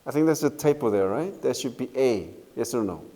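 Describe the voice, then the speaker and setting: A middle-aged man with a Korean accent giving a university lecture, unhurried and often checking in with "okay?" and "right?". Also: mid-range voice, lively intonation, dark tone. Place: lecture hall. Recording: lecture hall with long reverb.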